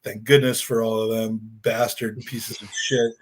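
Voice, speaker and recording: A man's voice: fairly low pitch, little pitch movement, unhurried. A man hosting a football fan call-in show, talking in a loose, rambling, sweary way. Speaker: podcast host. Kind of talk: casual fan show talk.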